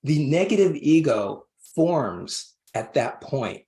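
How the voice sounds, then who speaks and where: A man's voice: a little high, big pitch swings, takes it slowly, warm tone. Rambling man telling a story in an echoey room. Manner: rambling, with many restarts; acts out quoted voices animatedly. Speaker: podcast guest. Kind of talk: storytelling interview answer. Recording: roomy echo.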